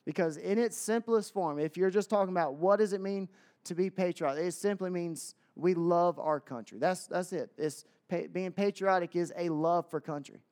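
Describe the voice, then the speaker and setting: A man's voice: sits high, moderate pace, darkish tone. A man with a Southern American accent preaching a sermon to a congregation, talking in a loose, conversational way with joking asides and lots of fillers.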